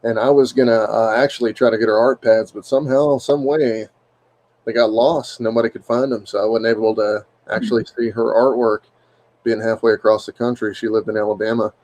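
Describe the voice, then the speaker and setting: A man talking casually on a livestream, relaxed and plain-spoken. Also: on the low side, brisk.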